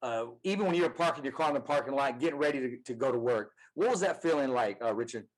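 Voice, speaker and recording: Male podcast host, middle pitch, encouraging questions, casual talk. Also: lively intonation, fast talker, rough recording. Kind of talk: casual interview.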